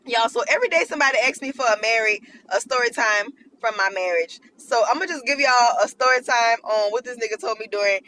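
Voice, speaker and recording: A woman's voice: a little high, fast talker, sharp tone, a little hiss or hum. A woman telling a storytime about her marriage in brash, slangy casual talk, speaking straight to her listeners.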